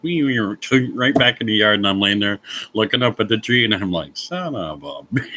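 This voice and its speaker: Casual vlogger, male, very low voice with a bright edge, laughs and swears a lot. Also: a little fast, low-quality recording. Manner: chuckles often, swears freely, self-mocking. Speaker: vlogger chatting with live viewers. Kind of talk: casual chat, rambling storytelling.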